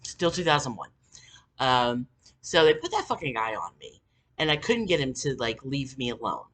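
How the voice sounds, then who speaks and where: Husky, lively woman telling a rambling story. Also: very deep voice, normal speed. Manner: profane, rambling, animated when worked up. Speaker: vlogger. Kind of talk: casual storytelling.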